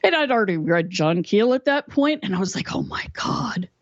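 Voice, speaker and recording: Woman from West Virginia, animated podcast guest, mid-pitched voice, muffled dry audio. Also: brisk, no room sound. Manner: animated storyteller who acts out quoted dialogue. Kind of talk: storytelling in a casual interview.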